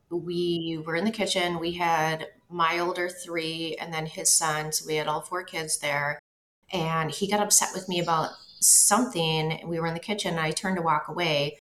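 A woman with a low voice tells her own story as an interview guest. She speaks haltingly and often repeats her phrases. Her voice rings with echo from a roomy space. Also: fairly bright tone. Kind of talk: personal testimony.

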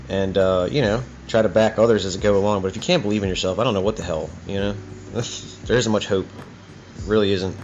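A man hosting his own talk show, ranting in a heated, profane, rambling way. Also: lowish voice. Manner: profane, heated and rambling, with many "you know what I mean"s. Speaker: host. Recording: dull lo-fi recording with faint music.

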